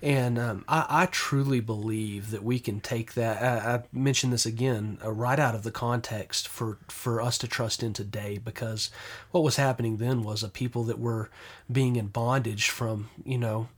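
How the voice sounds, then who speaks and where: A man with a husky, slightly breathy voice speaks in a calm, measured way. He quotes a verse and draws out its meaning in an unhurried, conversational faith talk. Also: medium pitch. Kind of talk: casual devotional talk.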